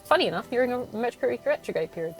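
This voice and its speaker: A woman's voice: on the high side, expressive, racing, faint music behind. Blunt, sweary woman venting. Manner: blunt, swears a lot, laughs often. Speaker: podcast host. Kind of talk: solo venting podcast. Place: in a car.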